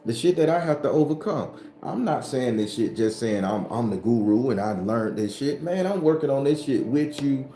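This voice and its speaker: A man's voice: medium pitch, animated, normal speed, hardly any pauses, dark tone, echoey room, a little hiss or hum. A man hosting a spiritual livestream, talking bluntly and profanely to his viewers in a casual, preachy way.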